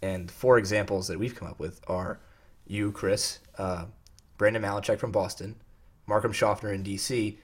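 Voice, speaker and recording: A man with a slightly low voice co-hosts a casual sports talk show. He trades quick, jokey banter and often restarts his sentences as he lays out his takes. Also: steady tone, slightly rough.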